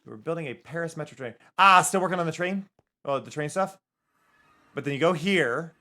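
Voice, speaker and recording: A man's voice: on the high side, lively intonation, a little fast, bright, forceful tone. A man chatting casually on a livestream, talking easygoing and narrating what he does as he builds in a game at home into a desk microphone. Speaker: streamer. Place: home room. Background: faint game music.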